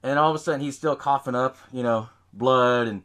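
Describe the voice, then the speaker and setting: A podcast host recaps a horror film casually, rambling, swearing, and laughing at his own retelling. His voice is mid-range and fairly bright, and he talks a little fast.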